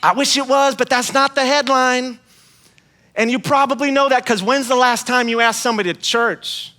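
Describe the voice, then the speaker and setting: Bright, high-voiced male preacher. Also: steady tone, moderate pace. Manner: conversational, playful, acts out quoted voices. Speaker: guest preacher. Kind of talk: sermon.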